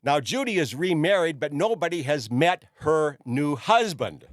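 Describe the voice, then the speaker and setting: A man's voice: on the high side, very animated, normal speed, dry recording, clean studio sound. Older man rambling through a story. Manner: rambling anecdotal with frequent "you see" fillers. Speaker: host. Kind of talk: casual storytelling monologue.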